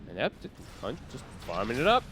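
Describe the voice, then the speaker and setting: A man with a North American accent casting a live esports match, with quick play-by-play and reactions. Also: medium pitch, wildly swooping pitch, a bit bright, faint music behind. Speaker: esports caster.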